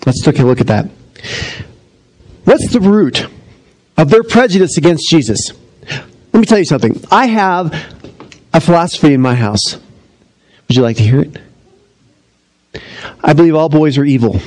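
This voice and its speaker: A middle-aged man preaching a sermon as pastor, in a conversational, animated storytelling manner. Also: fairly high pitch, normal speed, pauses often, low-quality recording.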